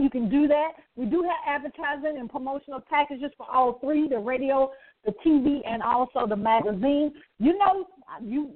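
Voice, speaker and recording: A woman hosting a Christian radio talk show, exuberant and preachy, laughing often and calling out "amen". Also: high voice. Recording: tinny phone-like line.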